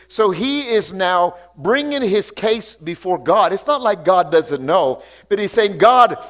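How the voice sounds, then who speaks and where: High-voiced preaching man. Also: fairly bright tone. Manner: preaching with call-outs and repeated hallelujahs; reads scripture aloud and comments on it. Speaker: pastor. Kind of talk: sermon.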